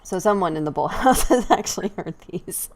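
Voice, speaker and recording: A woman's voice: fairly low pitch, animated, moderate pace. Chatty woman hosting a live chat. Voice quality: chatty, laughing, many fillers. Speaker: host.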